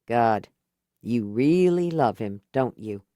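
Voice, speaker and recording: A woman doing a low, calm, wry man. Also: slow pace, no echo, studio quality, full character voice. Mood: reassuring. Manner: low, calm and reassuring, dryly joking. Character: steady, wry middle-aged man, a blunt helper. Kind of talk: audiobook character voice.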